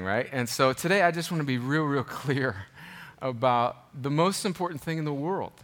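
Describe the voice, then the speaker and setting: A man's voice: medium pitch, moderate pace. Chatty male pastor with lots of ums. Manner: conversational, self-deprecating, many fillers and restarts; turns soft and earnest in prayer. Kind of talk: sermon.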